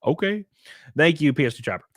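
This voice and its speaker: A man's voice: medium pitch, lively intonation, moderate pace, fairly bright tone, no echo. Guy streaming and chatting with chat, voice jumps up and down a lot, swears, laughs, dry mic. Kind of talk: casual live-stream chat.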